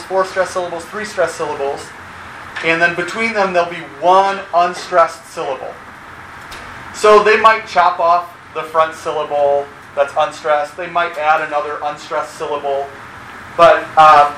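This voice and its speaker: A man teaches a class in a large, echoey room, and his voice sits a little higher than most. He explains in a relaxed way, filling his pauses with "um" and "uh", and a steady hum of background noise runs under him. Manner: relaxed, explanatory, many fillers. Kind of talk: classroom lecture.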